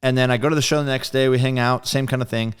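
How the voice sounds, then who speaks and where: Man with a smooth, resonant voice. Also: medium pitch, fast. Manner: animated storyteller who acts out quoted friends; loose and profane, full of "like". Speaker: guest drummer. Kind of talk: casual storytelling interview.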